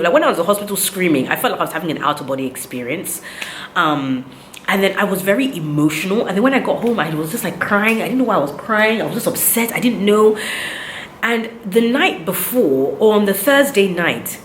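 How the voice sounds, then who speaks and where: A woman's voice: medium pitch, expressive, fast, roomy sound, slight background noise. A woman, animatedly retelling a story in a casual vlog, with indignant quoted dialogue. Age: 30s. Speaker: vlogger.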